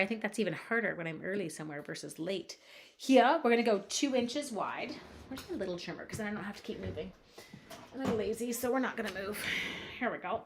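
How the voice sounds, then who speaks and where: Casual woman from Canada narrating a craft stream, chatty and playful, mid-pitch voice. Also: background noise. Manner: chatty, playful, reads chat comments aloud, thinks out loud. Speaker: crafting demonstrator. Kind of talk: live-streamed card-making demo, chatting with viewers. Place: home craft space at a lake cottage at night.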